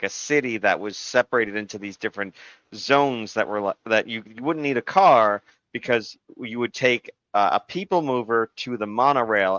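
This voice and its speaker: A man's voice: on the low side, smooth, no echo. Arizona guy rambling thru a story on a podcast, kinda dull lo-fi mic. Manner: rambling storyteller, animated when quoting people. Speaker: podcast co-host. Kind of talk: casual chat.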